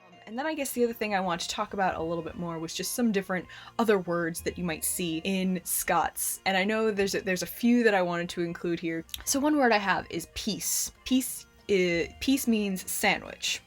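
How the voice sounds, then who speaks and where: A woman's voice: medium pitch, normal speed, faint music behind. A woman vlogger chatting casually to camera in a friendly way, speaking directly to her viewers.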